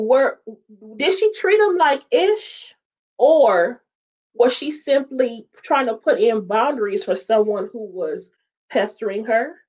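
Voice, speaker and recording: Animated chatty woman host, lo-fi. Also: on the high side. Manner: animated, chatty, talks straight to viewers with "y'all" and "child". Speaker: host of a sitcom talk show. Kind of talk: casual livestream chat with viewers.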